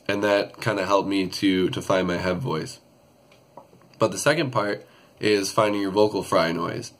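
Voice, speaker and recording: Young man explaining screaming technique. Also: lowish voice. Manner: relaxed, rambling with many fillers and restarts. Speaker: vocal tutorial host. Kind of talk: casual vocal tutorial.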